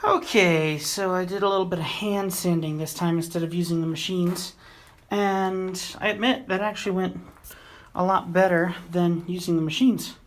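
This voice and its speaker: A woman's voice: on the low side, fairly even intonation, normal speed, slight background noise. A woman narrating her own guitar refinishing project in a hands-on vlog, thinking aloud in a musing, hesitant way with frequent fillers and self-corrections. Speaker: DIY maker refinishing a guitar.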